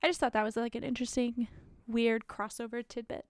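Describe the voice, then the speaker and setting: Speaking briskly with a flat delivery, a young woman with a slightly high voice co-hosts a podcast and chats casually, rambling with lots of fillers. She has the hiccups; the audio is studio quality with no room sound.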